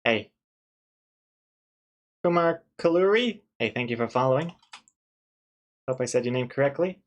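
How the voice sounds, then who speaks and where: A man streaming live as he works on a comic, talking casually with viewers and second-guessing his choices out loud. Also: medium pitch, animated, measured pace, muffled recording. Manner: thinks aloud, second-guesses himself, chatty with viewers. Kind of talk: casual live-stream commentary while drawing.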